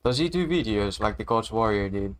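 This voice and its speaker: A man's voice: lowish voice, animated, fairly quick, clean tone. A man chatting casually on his livestream as a music producer, laid-back and chuckling often, trailing off mid-sentence.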